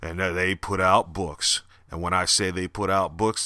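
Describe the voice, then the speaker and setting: A man with a Southern accent who hosts a podcast, reading a dark horror story and then plugging books in loud, animated chat. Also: deep voice, moderate pace, hardly any pauses, dry recording, clean studio sound. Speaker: podcast host and horror author.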